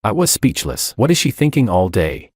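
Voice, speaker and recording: A man's voice: medium pitch, very animated, normal speed, a little mellow, no echo, studio quality. A man narrating a first-person romance story in a scripted, understated way.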